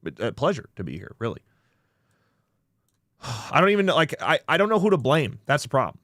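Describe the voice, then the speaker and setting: A man hosting a casual livestream, ranting profanely about a failed stream, swinging from mutters to shouts. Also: mid-range voice, sing-song, a little fast, no room sound, studio quality. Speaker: livestream host.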